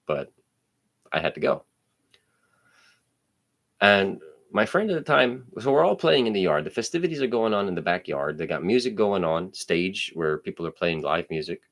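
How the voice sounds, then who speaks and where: Man, 30s, from New Jersey; blunt, profane storyteller, gravelly with a lively swing. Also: low voice. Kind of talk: casual storytelling.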